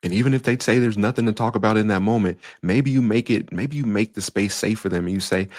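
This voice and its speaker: A man's voice: lowish voice, fast talker, hardly any pauses, darkish tone, no echo, studio quality. A man hosting a solo podcast as a life coach, talking in an earnest, conversational way with casual slang and frequent restarts.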